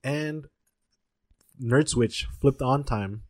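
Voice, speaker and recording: A man's voice: mid-range voice, extremely slow. A man co-hosting a podcast from Southern California, chatting enthusiastically about food with lots of fillers. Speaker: podcast co-host. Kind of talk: casual chat. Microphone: studio mic.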